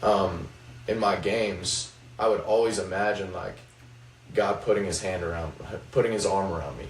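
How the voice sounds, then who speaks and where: Young male player, low and reflective, a bit distant from the mic. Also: normal speed. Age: young adult. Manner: reflective storytelling, many fillers. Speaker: college basketball player. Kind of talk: faith-focused podcast chat. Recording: roomy, distant mic, faint noise.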